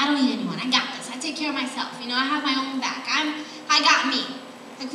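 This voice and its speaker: A woman gives a heartfelt, earnest sermon in a high, light voice. She sounds conversational and sincere. The recording is echoey, with a long hall reverb and a mic some distance away. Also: background noise. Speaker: preacher.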